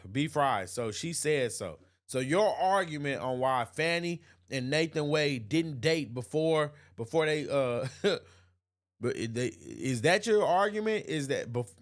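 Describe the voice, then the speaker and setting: A man with a mid-range voice hosts an opinion livestream, reading chat comments aloud and answering them emphatically. He repeats himself a lot and laughs often.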